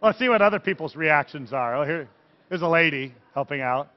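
A man, a pastor, giving a casual, excitable sermon with lots of fillers while commenting on pictures and a video. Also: on the high side, brisk. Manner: chatty and excitable, many fillers like "like". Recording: long reverb, dull lo-fi sound.

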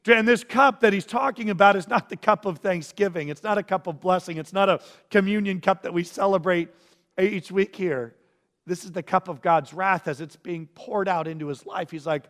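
A man's voice: high voice, moderate pace, a bit bright, long reverb tail. A man preaching a sermon as a pastor, earnest, acting out the feelings of the people he quotes.

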